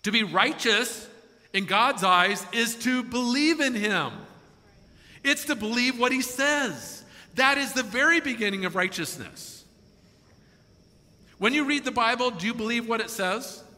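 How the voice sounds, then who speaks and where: Male pastor, sermon, high voice, very bright, animated with acted-out voices, church hall with long reverb. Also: measured pace. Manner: animated, acts out quoted voices, chuckles.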